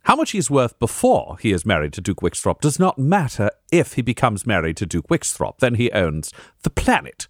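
A man's voice: medium pitch, wildly swooping pitch, no room sound, clean studio sound. A man playing a calculating, formal noble. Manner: measured and formal. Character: calculating, composed male noble off-worlder. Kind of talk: tabletop role-play.

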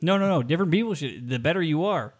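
A man's voice: a little high, expressive, fast talker, breathy edge. Podcast host guy, crude teasing jokes, voice jumps around a lot. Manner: crude teasing humor, playful. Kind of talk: casual chat.

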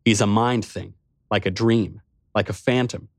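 A man's voice: fairly low pitch, steady tone, measured pace, no echo, clean studio sound. A man reading a first-person story aloud in a wry, sardonic manner. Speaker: narrator. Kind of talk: first-person audiobook narration.

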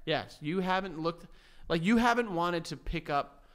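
A man's voice: a little high, expressive, a little slow, fairly bright tone. A man, co-hosting a casual podcast, teasing his friend with playful, absurd questions. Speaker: podcast co-host. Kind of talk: casual chat.

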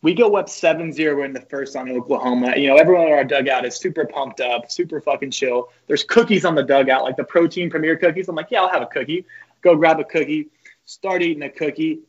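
Husky young man telling stories. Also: on the high side, fast talker, highs cut off. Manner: loose, profane storytelling. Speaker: guest, former college pitcher. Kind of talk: casual podcast chat.

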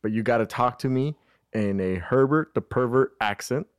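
A man's voice: mid-range voice, moderate pace, clear, resonant tone, no room sound, studio quality. A young man, a podcast co-host who lays out comedy scenarios at length in casual chat. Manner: explains scenarios at length, lots of like. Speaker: podcast co-host setting up challenges.

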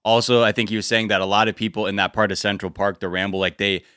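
A man with a low voice and a bright, forceful edge, talking as a podcast co-host. He jokes freely, swears, and slips into mock voices to act out what people said. The sound is dry and close. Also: level tone, quick pace, clean tone, no echo. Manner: joking, profane, acts out quotes in mock voices. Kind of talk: casual podcast chat.

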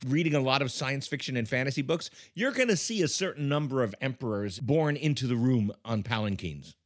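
Man co-host, lively pitch, eager ad-read energy, dry sound. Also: a little fast, no room sound. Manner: animated, enthusiastic, stumbling on words. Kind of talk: casual chat and host-read ad.

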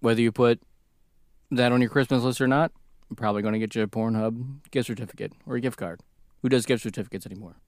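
A man's voice: mid-range voice, fairly even intonation, fast talker, darkish tone, no room sound, studio quality. Laughing, joking male podcast co-host. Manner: jokey, laughs often, reads notes aloud. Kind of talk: casual podcast banter.

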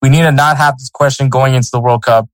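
A man's voice: mid-range voice, steady tone, fast talker, no echo, rough recording. Rambling male podcast co-host. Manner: rambling, many fillers and restarts. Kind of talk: casual sports chat.

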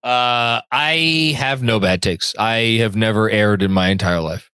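A man's voice: on the low side, measured pace, sharp tone, clean tone, no room sound. A man hosting a sports fan podcast, reading viewer comments aloud in a rambling way and often repeating words while he thinks. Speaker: podcast host.

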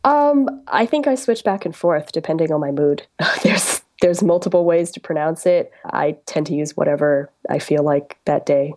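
A woman's voice: low voice, moderate pace, hardly any pauses, darkish tone. A woman reporter answering interview questions about her reporting, thoughtful and a bit hesitant with ums and uhs. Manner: thoughtful, with frequent um and uh.

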